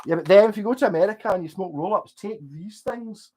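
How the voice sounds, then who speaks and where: A man's voice: high-pitched, fast, mellow, slightly rough. A Scottish man livestreaming, chatting casually with viewers in a loose, digressive way, swearing often. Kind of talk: casual rambling chat.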